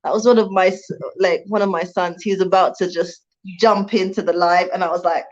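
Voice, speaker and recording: A woman's voice: lowish voice, fairly even intonation, fairly quick, highs cut off. A Jamaican-born woman hosting a casual livestream from home, reading out viewer comments and laughing often. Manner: chatty, laughs often, thanks viewers warmly. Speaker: livestream host. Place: home in Rwanda.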